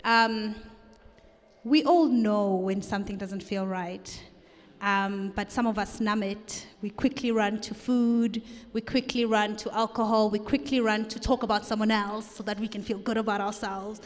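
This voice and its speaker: A woman's voice: medium pitch, fairly even intonation, moderate pace. Candid woman in echoing hall. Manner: open, self-deprecating, repeats phrases. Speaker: speaker at book launch. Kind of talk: candid personal reflection. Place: live event hall.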